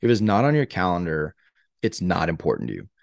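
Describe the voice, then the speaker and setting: A man's voice: low voice, wildly swooping pitch, brisk, creaky, dry recording, studio quality. A man co-hosting a podcast, talking earnestly and motivationally in a casual chat, with lots of filler words. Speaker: podcast co-host.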